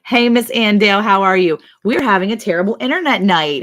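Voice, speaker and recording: A woman's voice: medium pitch, expressive, a little fast, hardly any pauses, fairly bright tone. A woman hosting a casual ranch livestream, chatty and laughing often as she greets viewers by name.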